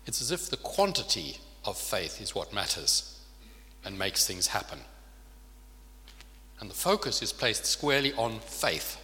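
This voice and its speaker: A man's voice: lowish voice, very animated, measured pace, long pauses, pushed and bright. A man preaching a sermon in an earnest way, often asking his listeners rhetorical questions. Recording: long reverb of a large hall.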